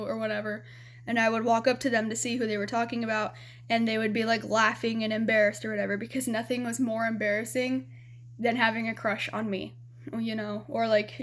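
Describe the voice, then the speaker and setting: A young woman from Arizona telling a personal story to her camera in a rambling, frank way, swearing freely and filling gaps with "you know". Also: on the high side. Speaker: vlogger.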